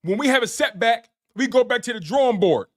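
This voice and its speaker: Animated and fairly quick, this man has a very high, slightly bright voice. He's a hyped sports show host doing a live-stream recap with super chats, talking straight to viewers and repeating phrases for emphasis.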